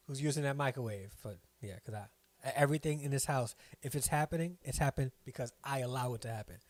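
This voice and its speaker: A man's voice: mid-range voice, darkish tone, dry recording. A middle-aged man hosting a live stream from home, chatting casually, rambling and reading viewer comments aloud.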